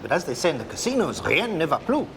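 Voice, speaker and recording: An actor playing a dry, worldly barrister with clipped speech. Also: male voice, a little high, sing-song, quick pace, fairly bright tone, slight background noise. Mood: droll. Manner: dry, clipped, with showy foreign phrases. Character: worldly, droll defence barrister man. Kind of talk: TV drama acting.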